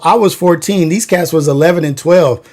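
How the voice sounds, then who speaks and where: A man's voice: fairly high pitch, normal speed, a little mellow. Slangy man telling wild street stories. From Long Beach, California. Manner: loose slangy storytelling, many fillers. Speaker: livestream host. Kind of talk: casual storytelling livestream.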